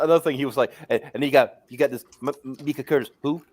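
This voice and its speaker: A man's voice: medium pitch, racing, a little mellow, a little hiss or hum. A man hosting a live stream, joking casually and reading out viewer super chats over a desk mic. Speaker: livestream host.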